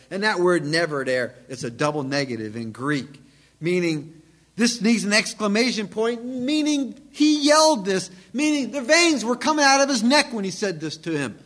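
A man preaching a sermon in a church, emphatic, with dramatic swings between loud and quiet. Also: high voice. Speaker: pastor.

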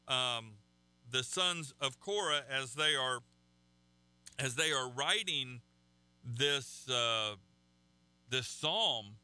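A man preaching a sermon in a halting, conversational way, often repeating words as he goes. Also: mid-range voice, sharp tone, no room sound.

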